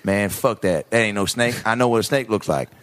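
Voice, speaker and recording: A crude, boastful biker rambles through a story in a low drawl, as a man puts him on. The delivery is fast and loose. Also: close to an everyday voice. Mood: rambling.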